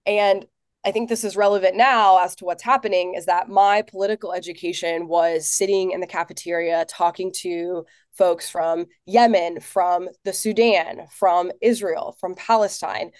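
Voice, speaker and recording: A woman in her thirties from Tennessee, a political organizer telling her story as a guest in an office, earnest and animated with lots of fillers. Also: fairly low pitch, moderate pace, no room sound, studio quality. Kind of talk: casual interview.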